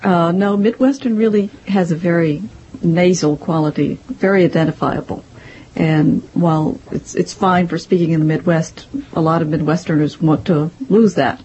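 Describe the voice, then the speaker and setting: A woman's voice: lowish voice, fairly even intonation, moderate pace, mellow. Woman with a faint Mississippi accent. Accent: faint Mississippi Southern. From Mississippi, US South. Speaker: novelist, interview guest. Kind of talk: radio interview conversation. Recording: dull lo-fi audio with faint hiss.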